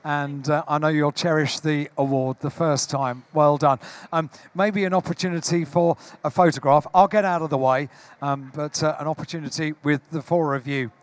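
A man's voice: on the high side, steady tone, moderate pace, hardly any pauses. A man hosting a live award presentation on a hall stage, rallying the audience to applaud and chatting with the winner. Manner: jovial, rallying the crowd for applause. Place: large exhibition hall stage.

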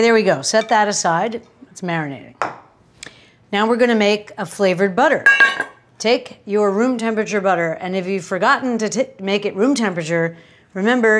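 A woman with a medium-pitched voice talks a little fast while demonstrating home cooking in her kitchen, keeping it casual, chatty and wry with jokes and anecdotes. There's a little hiss or hum on the recording.

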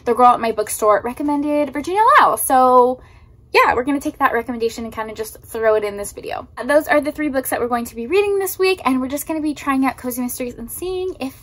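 A woman's voice: sits high, fast talker, fairly bright tone. A woman chatting casually in a vlog about books, gushing and filling her talk with "like". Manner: chatty, gushing, says "like" a lot. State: teary, crying happy tears. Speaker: book vlogger. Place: in her car.

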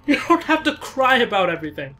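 A man giving excitable gameplay commentary, crying out in panic and cursing at the game. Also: very high voice, fast, slight background noise. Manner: jumpy, cries out in panic, curses at the game. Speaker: let's play commentator.

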